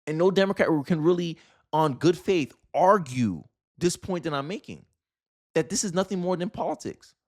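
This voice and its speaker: A man's voice: fairly high pitch, animated, normal speed. A man from Florida hosting a political commentary video, ranting heatedly and emphatically in casual slang.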